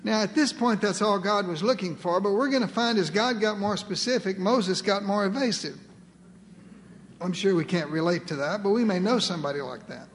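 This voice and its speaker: A high-voiced pastor preaches earnestly, slowing for emphasis and repeating his key phrases as his voice trails into the long reverb of a large hall. There's a little hiss or hum on the recording.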